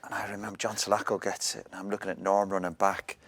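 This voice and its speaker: A man, a former footballer, telling a lively story, quick and animated, with casual swearing. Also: deep voice, no room sound. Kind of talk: animated anecdotal chat.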